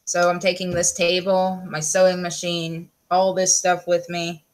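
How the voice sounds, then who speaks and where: A woman chatting casually, with quick asides. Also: fairly low pitch, completely flat delivery. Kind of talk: casual chat.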